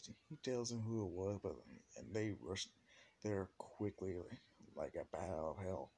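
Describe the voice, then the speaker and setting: A man's voice: low voice, animated, moderate pace, a little mellow, breathy edge. A man casually narrating an improvised fan story in a loose, rambling way.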